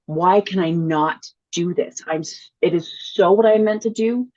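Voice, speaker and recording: A woman guest who coaches speakers, talking in an enthusiastic, quick way as a conversation guest. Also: lowish voice, mellow, lo-fi sound. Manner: enthusiastic, fast, laughs easily. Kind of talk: casual conversational interview.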